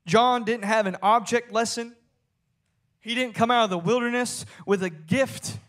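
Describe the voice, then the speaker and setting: A man preaching a sermon, reading scripture and telling the story dramatically, swinging from soft storytelling to shouted high points. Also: steady tone, measured pace. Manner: reads scripture aloud in King James wording.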